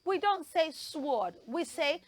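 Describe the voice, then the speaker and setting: A woman presenting a children's pronunciation lesson, spelling words out letter by letter and leading lively call-and-response drills. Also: high voice, slow pace, no room sound.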